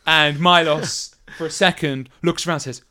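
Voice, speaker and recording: A man narrating as game master of a tabletop game, playful and lively in his descriptions. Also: fairly high pitch, normal speed.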